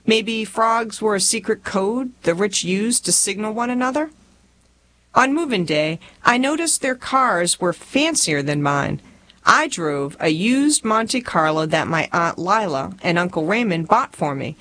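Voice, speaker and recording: A woman's voice: medium pitch, expressive, measured pace, a bit bright. A woman in her forties from rural Tennessee with a Southern accent, reading her own memoir aloud in a folksy, humorous storytelling manner. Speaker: memoir narrator.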